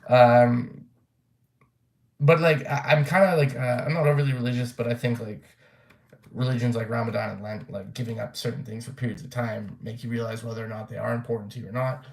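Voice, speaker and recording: A man's voice: medium pitch, fairly even intonation, brisk, vocal fry, reverberant. A young man ranting casually on his vlog, blunt and rambling, swearing freely and full of fillers. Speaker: vlogger. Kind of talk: casual rant to camera.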